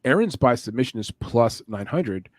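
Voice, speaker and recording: Man, betting show host, middle pitch, animated, dry close sound. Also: moderate pace, no echo. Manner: animated, talks through betting angles. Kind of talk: casual sports betting chat.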